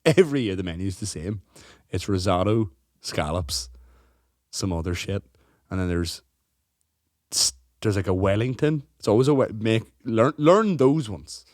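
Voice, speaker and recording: A man's voice: lowish voice, lively intonation, a little slow, a little mellow, no echo, clean studio sound. A man co-hosting a podcast in casual comedic chat, rambling and swearing as he tells stories. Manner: rambling, sweary, acts out people in quotes. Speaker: podcast co-host.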